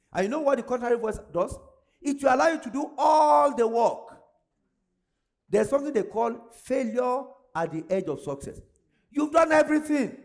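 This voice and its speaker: A male pastor leading his congregation in fervent prayer, calling out prayer points for them to repeat and breaking into speaking in tongues. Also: extremely high pitch.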